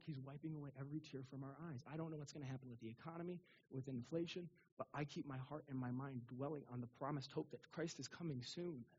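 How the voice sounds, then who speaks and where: A young adult male pastor giving a casual, animated sermon in a church, asking the congregation rhetorical questions. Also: mid-range voice, breathy edge, highs cut off. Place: church sanctuary.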